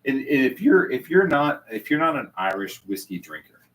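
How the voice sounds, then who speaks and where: A man's voice: medium pitch, big pitch swings, normal speed, fairly bright tone. A man hosting a casual whiskey tasting chat at a bar, enthusiastic and full of stammering restarts, heard from a distant mic. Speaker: host.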